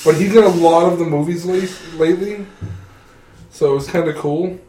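A man's voice: on the high side, normal speed, slight background noise. A man in casual chat, animatedly recapping a comedy film and laughing as he goes. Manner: animated, laughs through his retelling. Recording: roomy sound from a distant mic.

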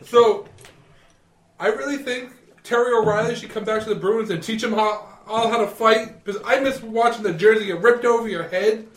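A man from the Boston area co-hosting a casual sports chat, animated and joking, talking over the others. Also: high voice, moderate pace. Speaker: podcast co-host. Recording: echoey room, off mic.

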